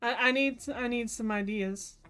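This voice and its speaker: A woman's voice: on the high side, fairly even intonation, moderate pace, fairly bright tone, smooth, soft background music. A woman hosting a craft livestream, chatting casually, swearing freely and laughing easily as she works. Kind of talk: casual chat while crafting.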